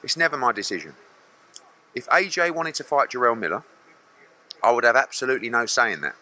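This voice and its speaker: A man's voice: medium pitch, lively intonation, fairly quick, pushed and bright. A middle-aged man, a boxing promoter, answering media questions bluntly and retelling a confrontation with mocking voices.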